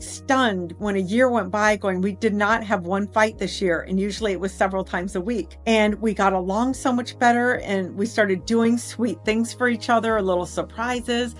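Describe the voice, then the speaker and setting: A middle-aged woman giving a motivational talk as an improv teacher, telling lively stories and acting out dialogue. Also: medium pitch. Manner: lively storytelling, acts out dialogue. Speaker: improv teacher and life coach.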